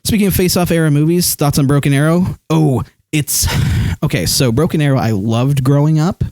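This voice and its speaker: A man's voice: fairly high pitch, normal speed, a little mellow, no room sound. Rambling man chatting on a stream. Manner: rambling, many fillers, reads chat aloud. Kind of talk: casual live-stream chat.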